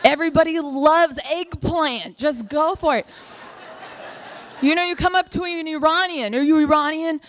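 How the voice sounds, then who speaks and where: A woman's voice: sits high, measured pace, fairly bright tone, slight background noise. A young woman telling a funny story live, acting out her family members' voices.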